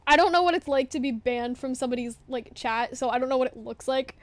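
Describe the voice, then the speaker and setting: Young woman streamer, high voice, flustered and apologetic, swings between hushed and loud, casual chat. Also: fast talker, no room sound. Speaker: livestreamer.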